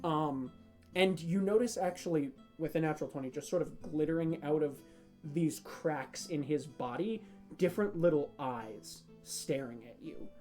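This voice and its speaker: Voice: medium pitch, moderate pace, mellow, soft background music. A game master narrating a homebrew tabletop game in a rambling, hesitant way, full of fillers and restarts.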